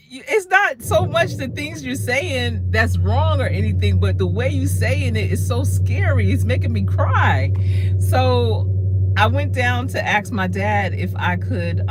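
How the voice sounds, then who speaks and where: Animated woman in her fifties telling stories. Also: high-pitched, background noise. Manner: animated, laughs often. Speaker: career coach. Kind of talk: casual storytelling.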